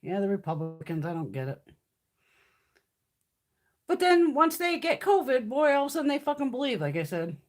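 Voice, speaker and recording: Broadcasting from her house in the mountains, this fifty-something woman hosts a casual beauty stream full of blunt, profane rants. She speaks in a high-pitched, very animated voice at a moderate pace, leaving long pauses.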